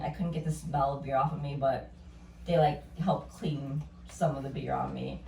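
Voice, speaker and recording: A woman's voice: low-pitched, slight background noise. A woman in her thirties tells stories in casual chat, bluntly, with heavy swearing and constant filler words. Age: 30s. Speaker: podcast co-host. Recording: roomy echo from a distant mic with faint ambience.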